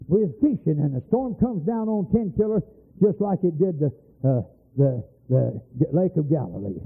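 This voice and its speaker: A man's voice: a little high, animated, moderate pace, vocal fry, breathy edge. An older man preaching a fervent, folksy sermon, telling stories with passion. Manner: impassioned, storytelling, folksy. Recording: tinny lo-fi old tape.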